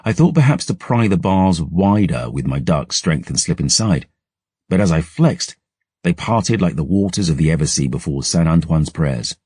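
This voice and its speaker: A man narrating a dark fantasy audiobook in a measured, brooding storytelling manner, close to a studio mic. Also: low voice, animated, slightly rough, dry recording.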